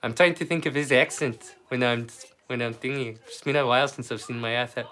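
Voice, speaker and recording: A man's voice: mid-range voice, normal speed, hardly any pauses, fairly bright tone. A Scottish man hosting a live stream, chatting casually and ramblingly with viewers and swearing now and then. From Scotland. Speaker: live-stream storyteller host.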